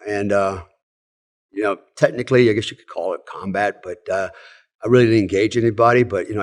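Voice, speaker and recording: A man in his sixties, a podcast guest telling old army stories in a frank, rambling way, often tagging sentences with "right?". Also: on the low side. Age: 60s. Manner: rambling, tags sentences with "right?" and "you know"; frank, swears casually. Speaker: podcast guest, former special forces soldier. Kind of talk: casual storytelling in conversation.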